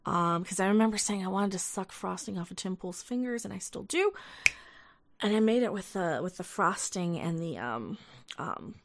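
A young woman hosting a casual livestream, ranting with lots of profanity, exasperated, and reading viewer chat aloud. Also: mid-range voice. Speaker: livestream host.

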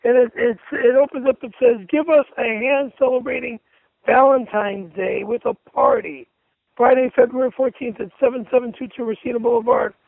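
Gravelly high-voiced man ranting furiously. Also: no room sound. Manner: furious, profane, stammering. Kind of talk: angry comic radio rant. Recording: tinny phone line on radio.

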